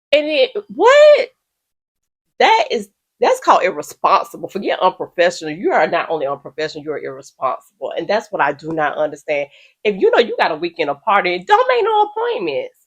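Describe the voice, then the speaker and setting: Low husky woman ranting at home, blunt and slangy, voice swoops all over. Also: muffled recording. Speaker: host reacting to stories. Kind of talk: casual commentary. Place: home room by a window.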